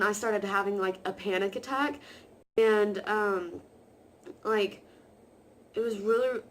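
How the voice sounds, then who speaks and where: A woman vlogger telling a story to camera in a rambling, excited way, full of "like" fillers. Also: a little high, a little hiss or hum.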